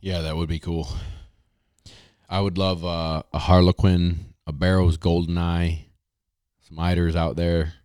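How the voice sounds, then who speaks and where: A man's voice: low-pitched, level tone, a little mellow, clean tone, no echo, studio quality. A man hosting a podcast in casual chat, teasing his co-host and moving through segments. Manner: teasing, unhurried, runs the segments.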